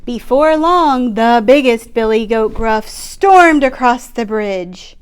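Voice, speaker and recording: Slow, gentle children's librarian reading aloud. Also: female voice, a little high, expressive, smooth. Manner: gentle, explaining pictures to children. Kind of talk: picture-book read-aloud.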